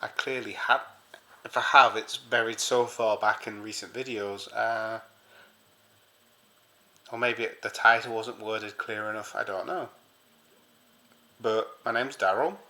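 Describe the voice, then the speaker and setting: English man, fan-channel host, rambling casual chat, lowish voice with a bright, forceful edge. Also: fairly even intonation, measured pace, long pauses. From south coast of England. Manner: rambling, restarts sentences often. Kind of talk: casual talk to camera.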